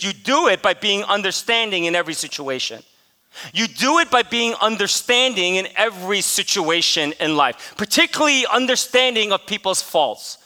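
A man's voice: sits high, bright, forceful tone. A middle-aged man preaching a sermon as pastor, mixing a humorous personal story with emphatic teaching. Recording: long hall reverb.

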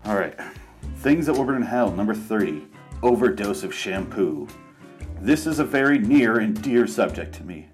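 Man with a low voice, melodramatic comic confession, faint music underneath. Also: expressive, moderate pace. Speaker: comedy vlogger. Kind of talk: mock-serious comedy monologue. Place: in a shower.

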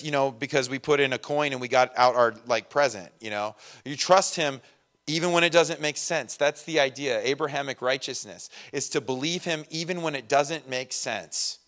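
A man preaching a conversational sermon, acting out quoted voices and swinging between loud and soft. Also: fairly high pitch. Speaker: pastor.

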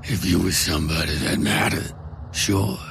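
A man doing a gravelly, sinister masked rider. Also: sits low, steady tone, normal speed, noisy background, voice pushed down. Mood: taunting. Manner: drawling, taunting, smug. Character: menacing masked male rider, sly and cruel.

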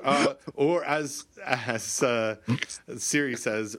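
A middle-aged man from Canada chats casually on a podcast in a mid-pitched voice. He rambles, stops and restarts his sentences, and fills the gaps with ums and uhs. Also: moderate pace, a bit bright. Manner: rambling, many restarts and fillers. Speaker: podcast co-host. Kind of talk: casual chat.

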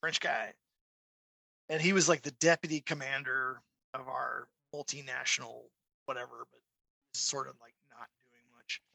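A man's voice: mid-range voice, fairly even intonation, normal speed, vocal fry, long pauses, pushed and bright, no room sound. A man co-hosting a podcast in casual chat, telling stories with many restarts and asides. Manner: rambling storyteller with restarts. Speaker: podcast co-host.

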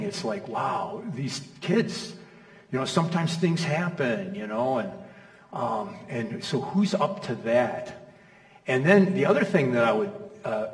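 A man's voice: mid-range voice, very animated, measured pace. A middle-aged male pastor preaching a sermon in a conversational, storytelling way, acting out quoted voices, in a church hall. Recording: echoey hall from far off.

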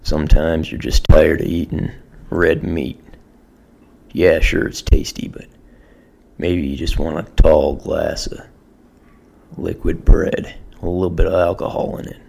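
A gruff, macho beer-commercial announcer, put on by a man in a parody ad. The voice sits very low with a gravelly fry, and the pitch is delivered deadpan and mock-serious. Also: measured pace, pauses often, heavily acted. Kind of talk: parody radio ad.

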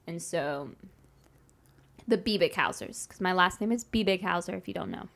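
A woman from Texas, co-hosting a podcast in casual chat, playful and quick to laugh, with many fillers. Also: lowish voice, expressive, vocal fry, a bit bright. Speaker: podcast co-host.

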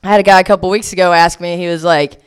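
With a lowish, clean-toned voice and steady delivery, a young woman from Delaware talks fast through her stand-up set. Her rambling material is crude, self-deprecating and heavy on swearing.

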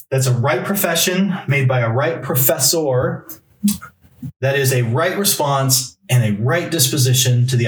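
A male pastor preaching a sermon, reading Bible passages aloud and driving points home through emphatic repetition. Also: medium pitch. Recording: roomy echo, mic from a distance.

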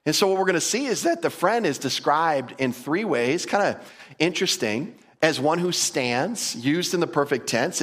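A man teaching a Bible passage in a lively, conversational way, often repeating words and putting questions to his listeners. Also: on the high side. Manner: animated, enthusiastic, repeats words, asks the audience questions.

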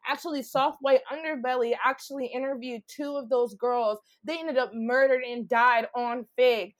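A woman tells her own story as an interview guest. She talks in a blunt, candid way, swears freely and fills her speech with "like." Her voice sits slightly high. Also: fairly even intonation, moderate pace. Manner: blunt, profane, heavy use of "like".

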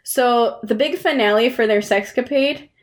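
A woman's voice: a little high, moderate pace. A woman co-hosting a podcast, telling a crime story and chatting in a crude, grossed-out, swearing way. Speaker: podcast co-host. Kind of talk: casual chat.

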